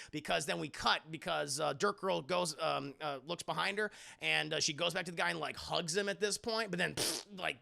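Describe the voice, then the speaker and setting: A man's voice: fairly high pitch, vocal fry, bright, forceful tone. A man streaming a casual, profane scene-by-scene film recap to his live chat, rambling and acting out scenes.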